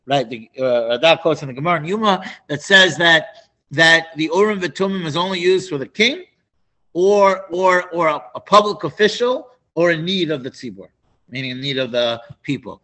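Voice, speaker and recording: A man teaching a Torah class, animated and prone to restarts and asides. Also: on the high side, normal speed. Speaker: Bible teacher.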